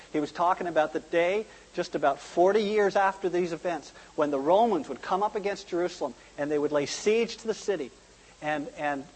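A man preaching a sermon, earnest and emphatic, slowing down to stress key points. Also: a little high, darkish tone. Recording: long hall reverb.

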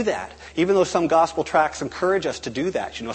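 Male preacher, husky voice, animated delivery with acted-out dialogue; reverberant hall sound. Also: on the high side, fairly quick. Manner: animated, acts out dialogue in quotes. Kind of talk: sermon.

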